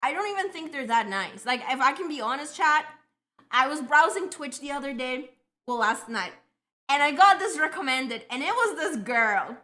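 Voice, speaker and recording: A young woman streamer with a Colombian accent talks loosely to her chat in a rambling, self-deprecating way. Her voice sits a little high and sounds bright and forward. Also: expressive, normal speed. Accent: Colombian, long in Canada. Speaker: livestreamer.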